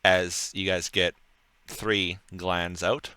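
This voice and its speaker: A man's voice: low-pitched, little pitch movement, slow, bright, forceful tone, smooth, no room sound. A man running a tabletop game as game master, rambling through his narration with many fillers.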